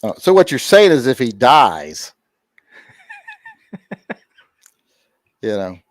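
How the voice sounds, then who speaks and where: A man's voice: medium pitch, huge pitch swings, slow, dry recording, clean studio sound. A man hosting a casual livestream, reading viewer messages and joking around with lots of filler words. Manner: joking, rambling with many fillers. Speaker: livestream host. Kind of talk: casual livestream chat reading super chats.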